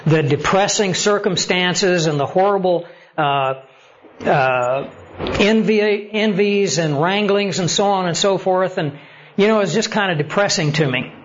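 A man preaching a sermon, telling stories and building to animated emphasis as he makes his points. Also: high-pitched, unhurried. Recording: slightly dull lo-fi sound with faint noise.

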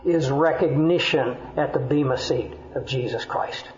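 A man's voice: mid-range voice, unhurried, slight background noise. A man preaching a sermon, telling stories earnestly and acting out the people he quotes. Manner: storytelling, earnest, acts out quoted voices. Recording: echoey hall, dull lo-fi sound.

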